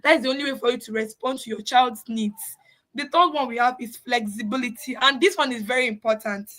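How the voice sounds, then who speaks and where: A woman coaches parents in a high, bright voice. She talks earnestly and repeats her points for emphasis, like an informal lesson. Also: poor audio. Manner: earnest, repetitive, acts out parents' complaints. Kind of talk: informal teaching talk.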